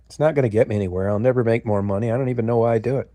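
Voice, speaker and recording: A man's voice: mid-range voice, very fast, mellow, dry recording. An older man from the United States hosting a livestream, rambling casually with lots of swearing and talking to viewers in the chat. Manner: profane, gruff, talks to chat viewers. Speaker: livestream host.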